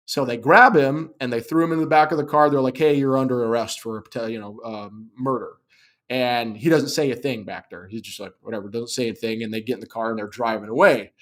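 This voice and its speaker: A man's voice: medium pitch, a bit bright. A man hosting a live show, teaching in an emphatic, conversational way, often checking in with "okay?". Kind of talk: live-stream teaching talk.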